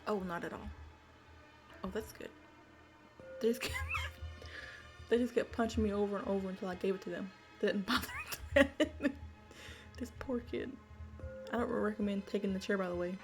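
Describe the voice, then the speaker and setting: A woman's voice: medium pitch, steady tone, normal speed, pauses often, over music, lightly acted. A woman voicing a timid, mistreated boy who talks nervously and tries to please. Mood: meek. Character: timid, beaten-down boy, meek and apologetic.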